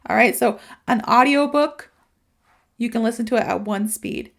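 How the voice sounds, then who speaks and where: An American woman hosting a casual podcast, giving advice in a chatty way, speeding up when excited and often adding "you know". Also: a little high, normal speed, vocal fry. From United States. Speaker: podcast host.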